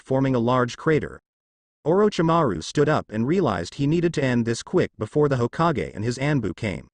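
A man reading fan fiction aloud as a narrator, voicing every character in the same plain, steady way. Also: mid-range voice, no echo, clean studio sound.

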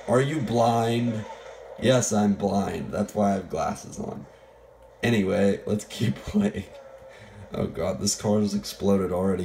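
A man's voice: on the low side, a little mellow, slight background noise. A young man with a voice that is fading from illness, rambling and joking at his own expense while commentating on a shooter game. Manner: rambling, self-deprecating, jokey. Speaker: gameplay commentator. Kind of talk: live gameplay commentary.

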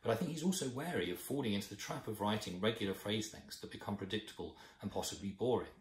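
A man's voice: lowish voice, quick pace, echoey room, low-quality recording. A man with a British accent giving a thoughtful, explanatory music lesson from his home. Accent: British English. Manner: thoughtful, explanatory, counts beats aloud. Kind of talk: informal music lesson to camera. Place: room at home.

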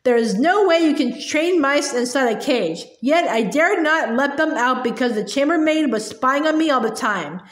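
Woman reading a storybook aloud, halting. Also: high voice, lively intonation. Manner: halting, with frequent restarts and repeated words. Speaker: storybook reader. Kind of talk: reading a children's novel aloud. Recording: roomy echo.

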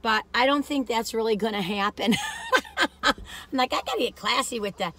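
Woman, casual chat in a car, rambling, self-deprecating, bright forceful tone, worn-out voice. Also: fairly high pitch, a little fast. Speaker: vlogger. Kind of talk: casual chat while driving.

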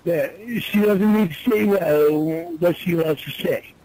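A man in an archived phone recording, arguing heatedly, yelling and swearing constantly. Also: fairly high pitch, slow, low-quality recording.

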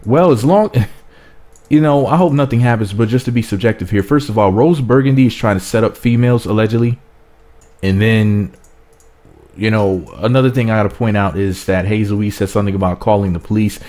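Low-voiced man casually recapping gossip. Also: a little fast, darkish tone. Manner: offhand, wry, hesitant while reading. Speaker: entertainment gossip host. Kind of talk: casual commentary reading posts.

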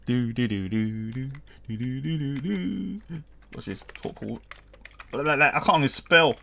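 Gravelly man, let's-play chatter. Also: mid-range voice, a little slow, noisy background. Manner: reads game text aloud, rambling, hums and chuckles. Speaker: gaming channel host. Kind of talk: casual let's-play commentary.

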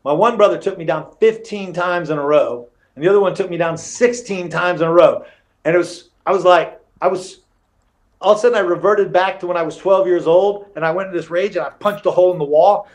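A middle-aged man with a slightly high voice tells fight stories as a podcast guest. He talks in an animated way, laughs through his anecdotes and often restarts his sentences, keeping it loose and casual. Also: a little fast. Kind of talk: casual storytelling interview.

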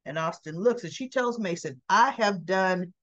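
A woman's voice: mid-range voice, normal speed, dull audio. A woman chatting casually as she recaps soap opera scenes, retelling dialogue and tossing in her own asides.

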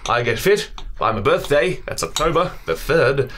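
A man's voice: on the high side, very animated, normal speed, a bit bright, a little hiss or hum. A young Australian man co-hosting a casual podcast, joking and swearing, self-mocking and laughing often. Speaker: podcast co-host.

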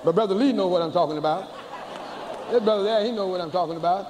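An older man, a bishop preaching a sermon to a church congregation, folksy and humorous, slowing to chanted emphasis. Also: high-pitched, crowd noise. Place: large church before a congregation. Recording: hall reverb with faint ambience, cassette.

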